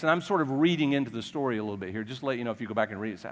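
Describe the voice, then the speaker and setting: Animated preacher in a ringing church. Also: male voice, mid-range voice, very fast. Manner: animated, chuckling, restarts often. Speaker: pastor. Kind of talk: storytelling sermon. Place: church sanctuary. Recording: long church reverb.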